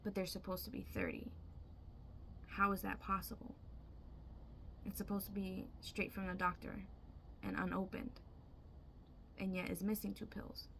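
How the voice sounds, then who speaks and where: Gravelly woman telling a dream. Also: mid-range voice, a little slow, long pauses, fairly bright tone, slight background noise. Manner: chatty, emphatic, swears freely. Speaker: storyteller. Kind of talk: casual dream retelling.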